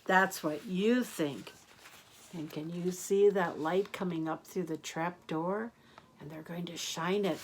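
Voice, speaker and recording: Older woman storyteller, slow read-aloud for kids, gentle and animated. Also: on the low side, a little hiss or hum. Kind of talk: reading picture books aloud to children.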